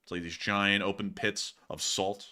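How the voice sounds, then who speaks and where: A young man in his twenties hosting a casual live stream, joking and animated as he answers viewer questions. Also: lowish voice, normal speed. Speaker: host.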